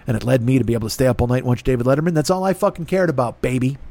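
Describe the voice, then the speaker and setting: A middle-aged man hosting a podcast, rambling through a profane, self-deprecating comedic monologue with a rough throat and a stuffy nose. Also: medium pitch, rapid-fire, dark tone, no room sound. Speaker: podcast host.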